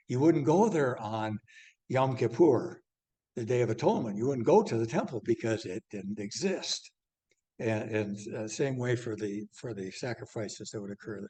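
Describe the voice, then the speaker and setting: An older man lecturing a church class, halting and rambling with many fillers and restarts. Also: medium pitch, animated, warm tone. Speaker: class teacher.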